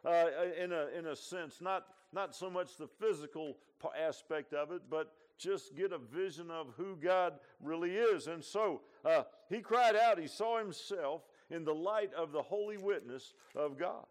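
A man preaching a sermon in a folksy, conversational way, his voice climbing to shouts and then dropping to a hush. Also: a little high, a little slow, hardly any pauses. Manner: folksy, swings from hollering to hushed. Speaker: pastor. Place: church.

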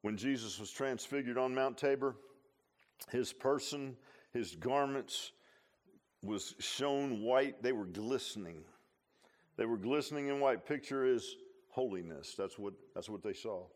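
Preaching at an unhurried pace, a man alternates booming, emphatic statements with hushed asides. He often circles back, repeating and restarting his phrases.

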